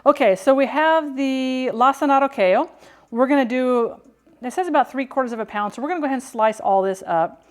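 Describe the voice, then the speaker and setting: Broadcasting live from her home kitchen, a bubbly food and drink streamer walks through a recipe briskly in a slightly high voice. She greets viewers by name in excited bursts, often stumbling and restarting, and a clip-on mic keeps the sound close and direct.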